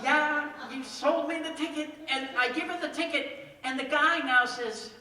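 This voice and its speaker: Guy doing a deadpan funny story on stage, echoey hall, mic kinda far. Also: very high-pitched, a little slow. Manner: deadpan comic timing, wry asides. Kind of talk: live comic storytelling. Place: stage in a hall before an audience.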